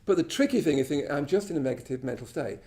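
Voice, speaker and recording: Rapid-fire and warm, with fairly high pitch and lively intonation, this man from England chats informally about Buddhism to a live class in a shrine room. He's self-deprecating and keeps checking in with "you know" and "yeah?".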